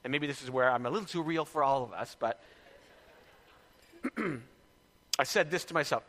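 A man's voice: medium pitch, moderate pace, fairly bright tone, big-room sound. A man preaching as pastor, in a candid, conversational way with personal stories. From Canada. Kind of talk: sermon.

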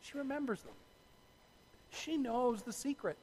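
A man preaching a sermon, telling the story in a lively way with asides to his listeners. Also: extremely high pitch, unhurried, in a large hall, a little hiss or hum. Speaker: pastor.

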